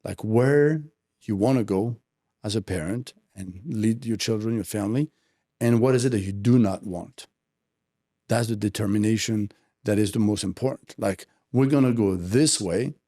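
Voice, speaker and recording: A podcast host talking reflectively, with frequent pauses and restarts. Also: male voice, fairly low pitch, dark tone. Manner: reflective, halting, many fillers and restarts. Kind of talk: casual conversation.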